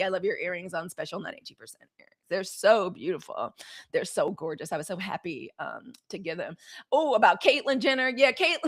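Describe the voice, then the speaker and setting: A woman with a medium-pitched, slightly bright voice hosts a daily live news show as casual live-stream commentary. Chatty and outspoken, she talks bluntly to viewers, calling them y'all and girl, and launches into frank, profane rants.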